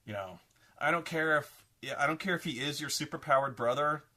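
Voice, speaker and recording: A young adult man giving a casual, rambling film review, self-deprecating and animated. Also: a little high, fairly quick.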